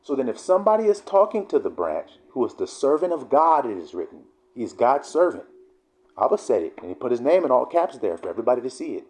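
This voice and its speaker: A man's voice: medium pitch, big pitch swings, quick pace, a little mellow. A man preaching in a fiery, emphatic, profanity-laced sermon style. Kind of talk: street-style sermon vlog.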